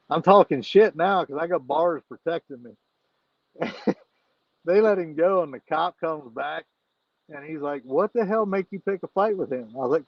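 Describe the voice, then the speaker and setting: A podcast guest spins a rowdy, casual story, frequently laughing and swearing without restraint. He speaks fairly quickly in a higher voice and pauses often, and the audio is dull with no room sound.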